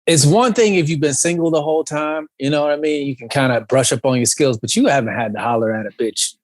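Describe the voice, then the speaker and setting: A man's voice: on the high side, quick pace, no room sound. A man co-hosting a comedy podcast in casual banter, joking and giving blunt advice. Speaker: podcast co-host.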